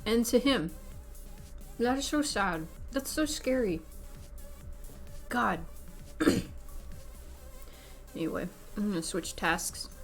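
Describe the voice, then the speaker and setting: A woman streamer in casual livestream chat, chatty and excitable, talking while eating. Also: on the high side, slow, pauses often. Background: faint background music.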